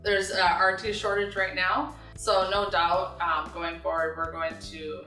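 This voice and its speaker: A woman's voice: on the low side, flat delivery, a little slow, sharp tone. A woman hospital staff member speaking earnestly in an interview and listing what the work involves. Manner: earnest, listing things in runs. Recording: roomy, distant mic, clear music bed.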